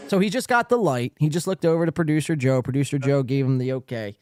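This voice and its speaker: A man's voice: on the high side, quick pace, darkish tone, dry recording, clean studio sound. A man hosting a podcast in casual chat, swearing freely and mimicking accents. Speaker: podcast host.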